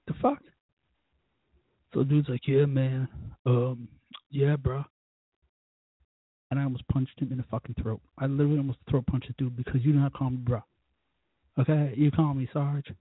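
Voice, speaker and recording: On his own show, a man rambles through a vulgar, swear-heavy story while drinking, sounding a little wasted and loose. The voice is husky and medium-pitched, captured dry and narrow like a phone call, with no echo.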